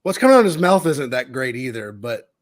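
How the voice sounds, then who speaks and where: A man of ordinary pitch talking on a movie podcast in a loose, casual way. He hesitates and restarts his sentences a lot, and sounds mildly critical as he gives his view. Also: very animated, brisk. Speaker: podcast panelist. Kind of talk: casual chat about a film.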